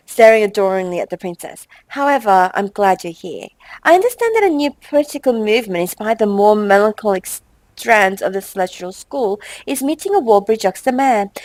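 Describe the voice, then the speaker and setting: A young woman hosting a game let's play, chatting with quick exasperated asides and reading game text aloud. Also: medium pitch, darkish tone, no room sound, low-quality recording.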